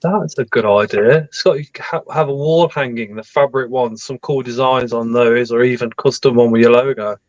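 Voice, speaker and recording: A man's voice: mid-range voice, normal speed, hardly any pauses, darkish tone, no echo. Chatty Liverpool man on a dull dry mic. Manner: reads out viewer comments, chatty. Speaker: host of live stream. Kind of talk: casual live-stream chat.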